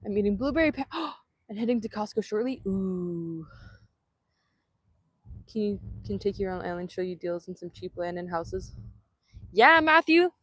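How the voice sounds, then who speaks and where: A woman vlogger chatting excitedly on a live stream outdoors, laughing often and filming on a handheld phone. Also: medium pitch, normal speed, long pauses, no echo. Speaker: vanlife vlogger. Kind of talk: casual live-stream chat. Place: outdoors in Hawaii.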